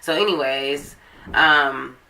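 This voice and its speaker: Low bright-toned woman ranting thru a storytime, cussing a lot, super casual. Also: slow pace. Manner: chatty, profane, emphatic storytelling. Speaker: vlogger telling a story.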